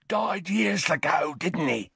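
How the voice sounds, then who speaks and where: A man voicing a volatile drunken older hermit who speaks in rough, coarse country speech. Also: fairly high pitch, lively intonation, slow pace, a bit bright, no echo, voice pushed up, exaggerated voice. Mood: dazed, muttering.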